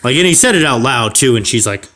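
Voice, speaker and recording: A man improvising a comic story on a podcast, rambling with fillers and restarts, and jumping to a shrill falsetto for old ladies. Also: lively intonation, fast, pushed and bright. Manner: rambling, with fillers and self-corrections. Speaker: podcast co-host.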